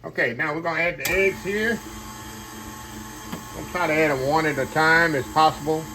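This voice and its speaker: A man's voice: a little high, moderate pace, background noise. A man hosting a casual cooking demonstration in his kitchen, talking folksy and keeping the viewers close. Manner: folksy, keeps addressing viewers as y'all. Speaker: cooking show host.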